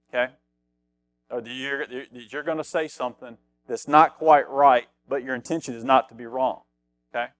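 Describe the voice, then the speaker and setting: A man's voice: mid-range voice, dry recording. Man preaching in a dry room. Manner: conversational preaching, reads scripture aloud, repeats phrases for emphasis. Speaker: pastor. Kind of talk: sermon.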